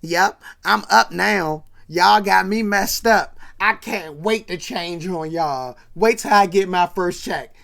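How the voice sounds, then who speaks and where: Lady doing a hyped-up braggy teen boy, slow and showy. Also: lowish voice, gravelly, fairly bright tone, full character voice. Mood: boastful. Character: boastful heavyset teenage boy, cocky and excited.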